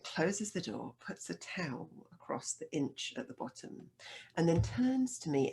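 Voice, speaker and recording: A woman's voice: fairly low pitch, unhurried, vocal fry, breathy edge. A woman telling a funny personal story on stage, acting out the voices of the people in it. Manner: animated, acts out quoted voices.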